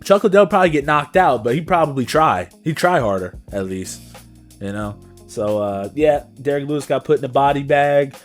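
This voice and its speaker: A young man co-hosts a casual podcast, recapping fights in a slangy, animated way. He throws in his own punch sound effects, and his pitch rises and falls a lot. Faint guitar music plays behind him. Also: moderate pace. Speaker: podcast co-host. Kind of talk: casual sports recap chat.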